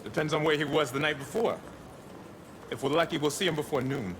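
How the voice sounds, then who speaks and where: A sardonic male cop, voiced by a man in a game, with a dry delivery and a slightly high voice. Clear noise runs under the game audio. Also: fairly quick, natural voice. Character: wry male police officer.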